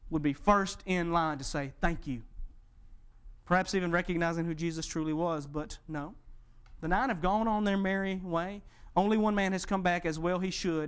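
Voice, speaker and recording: A man preaching a sermon, with dramatic pauses and emphatic, expressive delivery. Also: high voice, smooth. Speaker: pastor.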